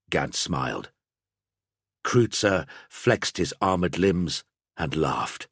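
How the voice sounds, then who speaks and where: A man narrating an audiobook in a measured storytelling manner. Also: low-pitched, lively intonation, breathy edge, no room sound, studio quality.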